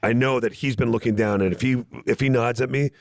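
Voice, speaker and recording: A man's voice: medium pitch, fairly even intonation, brisk, gravelly, a little mellow, no echo, clean studio sound. A man from Canada, a podcast guest, chatting casually and telling rambling, self-mocking stories full of restarts. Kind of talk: casual chat. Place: podcast studio.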